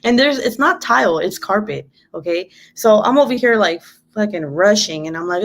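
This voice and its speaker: Swearing, laughing young mom vlogger. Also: female voice, mid-range voice, normal speed. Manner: animated, swears freely, laughs often, acts out quotes. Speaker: vlogger, mother of three boys. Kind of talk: casual storytelling chat to viewers.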